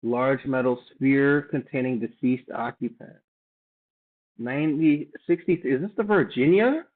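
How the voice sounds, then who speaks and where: A man reading old documents aloud and adding offhand, halting remarks as he thinks aloud. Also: mid-range voice. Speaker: channel host. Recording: tinny phone-like sound.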